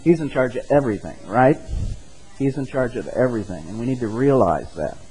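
A man's voice: mid-range voice, lively intonation, fairly quick, dark tone, slightly rough, faint music behind, low-quality recording. A man preaching an earnest sermon, mixing scripture readings with a folksy story. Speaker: pastor.

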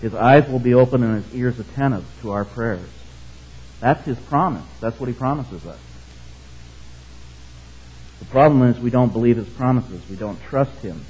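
A man with a mid-range, slightly mellow, husky voice preaches a sermon and reads scripture. He stays conversational, frequently checking in with his congregation, and the recording sounds dull and muffled.

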